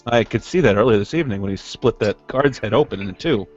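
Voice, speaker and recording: A man's voice: on the low side, lively intonation, quick pace, lo-fi sound, faint music behind. A man voicing a blunt, wry male elf adventurer in a tabletop game, in casual joking talk.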